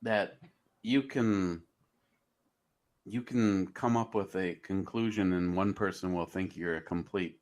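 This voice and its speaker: A man co-hosting a talk radio show in casual chat, halting and often starting his sentences over. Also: lowish voice.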